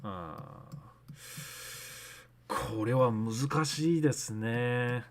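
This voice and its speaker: A man's voice: medium pitch, takes it slowly, heavy background noise. A man casually streaming a map-guessing game, thinking aloud and switching between English and learner Japanese. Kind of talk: casual live-stream commentary.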